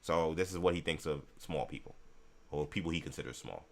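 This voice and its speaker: A man hosting a live sports talk show, reacting to viewer chat and ranting in an animated way about the news. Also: rumbling low, brisk, creaky.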